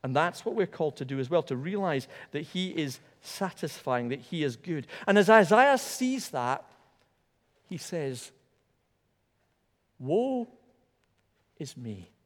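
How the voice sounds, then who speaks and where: A man preaching a sermon in a church, animated and emphatic, repeating words for stress. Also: fairly high pitch, normal speed. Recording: long hall reverb.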